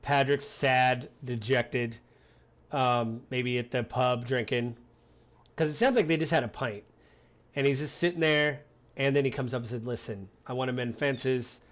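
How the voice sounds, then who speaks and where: An American man hosting a relaxed podcast conversation. He rambles through his thoughts and slips into animated voices whenever he quotes someone. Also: medium pitch, a little slow. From United States. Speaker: podcast host. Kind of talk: casual chat.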